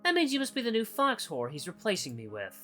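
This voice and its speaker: A bitter, possessive ex-boyfriend from a visual novel , put on by a man, his voice pushed higher and swinging as he nags and accuses. The tone is bright and sharp. Soft guitar music plays faintly behind him. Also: wildly swooping pitch, fast talker, full character voice. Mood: spiteful, furious. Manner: whiny, accusing, raised pitch. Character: bitter possessive male ex, clingy and spiteful.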